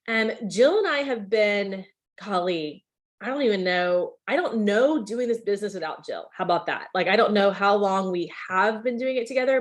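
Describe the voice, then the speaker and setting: A woman hosting a video call, chatty and enthusiastic, with lots of filler words. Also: medium pitch. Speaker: meeting host.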